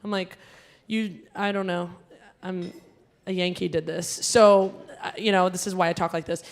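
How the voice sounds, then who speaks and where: A woman's voice: fairly low pitch, steady tone, normal speed. A woman emcee doing stand-up comedy at a gala, chatty and teasing the audience, with a Connecticut-like American accent, on a stage mic in a large hall. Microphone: handheld stage mic.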